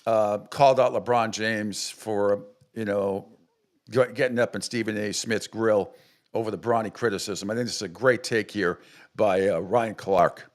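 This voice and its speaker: A man hosting a sports radio show, talking casually and filling pauses. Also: on the low side, fairly even intonation. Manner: casual, agreeable, with filler pauses.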